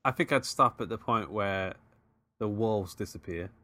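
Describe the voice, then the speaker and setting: Low-voiced guy cohosting a film podcast, laid back, lots of ums. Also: moderate pace, sharp tone, no room sound. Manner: easygoing, hesitant, many fillers. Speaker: podcast co-host. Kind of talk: casual film chat.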